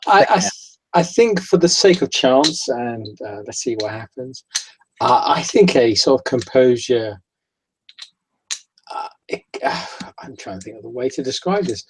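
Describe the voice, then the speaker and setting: A man narrating a tabletop horror game as game master, in a halting way, repeating words and dropping low for dread. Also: expressive, slight background noise, low-quality recording.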